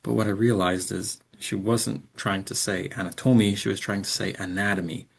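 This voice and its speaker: A man with a fairly low, gravelly voice that carries a husky edge. He explains things in a measured lecturing way and pauses often on "um". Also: steady tone. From English speaker. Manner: measured, explanatory, frequent "um" fillers. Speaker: instructor. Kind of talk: recorded lecture.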